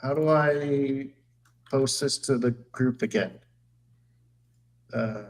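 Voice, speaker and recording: A man's voice: medium pitch, slow pace, pauses often, rough recording. A young man hosting a casual live stream, joking loosely and reading chat aloud as he clicks around. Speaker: streamer and host.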